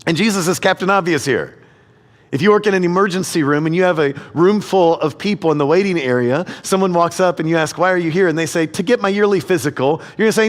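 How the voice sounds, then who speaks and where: A man's voice: on the high side, normal speed. A middle-aged man preaching a sermon as a guest speaker, telling funny stories and acting out the quotes in them. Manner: storytelling with humor, acts out quotes. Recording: preaching in a reverberant church.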